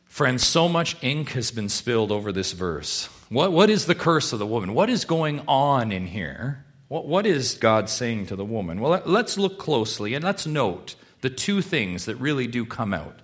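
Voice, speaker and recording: Man preaching a sermon, lively pitch. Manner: swings from hushed and slow to loud and emphatic; asks the congregation rhetorical questions. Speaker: pastor.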